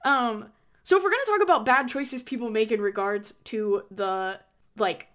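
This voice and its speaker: High-voiced joking woman podcaster. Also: fairly bright tone. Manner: quick agreeing interjections, joking asides. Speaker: podcast co-host. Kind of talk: casual movie discussion.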